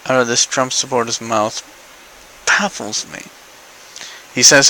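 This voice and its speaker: A man's voice: mid-range voice, unhurried, pauses often, pushed and bright, a little hiss or hum, low-quality recording. A young man ranting in an opinion vlog, exasperated, sarcastic and profane. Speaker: vlogger.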